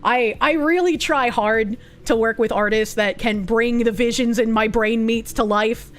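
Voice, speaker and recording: High-voiced, foul-mouthed woman streamer. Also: steady tone, a little slow. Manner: blunt, profane and sarcastic, with frequent laughs. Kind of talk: casual live-stream chat, reading and reacting to chat.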